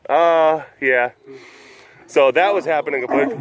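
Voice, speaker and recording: A man's voice: a little high, unhurried, long pauses, crowd noise. A man hosting his own vlog in a loose, rambling chat, often restarting sentences and laughing. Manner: rambling, self-interrupting, laughs easily. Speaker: vlog host. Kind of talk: casual chat to camera.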